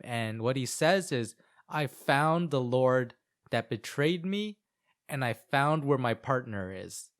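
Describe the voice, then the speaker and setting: On a podcast he co-hosts, a young man with a fairly high voice recaps an anime in relaxed chat. He fills it with "like" and quick asides.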